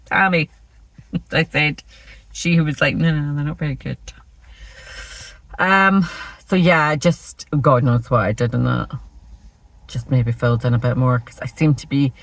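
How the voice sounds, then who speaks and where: A woman's voice: a bass voice, fairly even intonation, measured pace, pauses often, no echo, low-quality recording. A Scottish woman chatting casually and rambling about her stitching projects in a self-deprecating way. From Scotland. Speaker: flosstube host. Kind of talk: casual chat showing cross-stitch projects.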